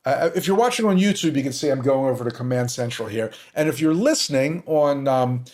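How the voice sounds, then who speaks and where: A man's voice: mid-range voice, lively intonation, brisk, a little mellow. A man hosting a podcast, commenting on recorded calls with sarcastic, exasperated asides. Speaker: podcast host.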